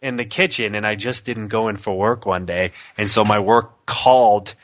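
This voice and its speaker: A man's voice: fairly low pitch, steady tone, moderate pace, no room sound, clean studio sound. A man with a cold and a nasal voice, co-hosting a casual chat and joking at his own expense. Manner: joking, self-deprecating. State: sick with a nasal voice. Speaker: podcast co-host.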